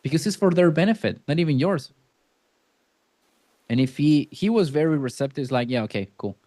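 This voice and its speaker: A man coaching a sales team, speaking bluntly and emphatically in casual, animated bursts. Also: a little high, fairly quick, no room sound. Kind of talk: coaching a role-play session.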